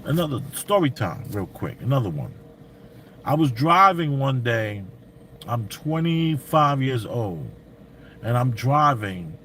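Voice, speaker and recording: A middle-aged man, telling stories and giving commentary in animated, slangy street talk. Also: medium pitch, slow, slight background noise. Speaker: vlogger. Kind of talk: commentary and storytelling.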